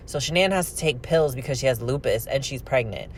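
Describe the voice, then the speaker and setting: A man casually narrating a true crime story with an opinionated, animated delivery while he opens trading cards. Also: medium pitch, fairly quick, a little hiss or hum. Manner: chatty, opinionated, animated retelling. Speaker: card-opening vlogger telling a true crime story.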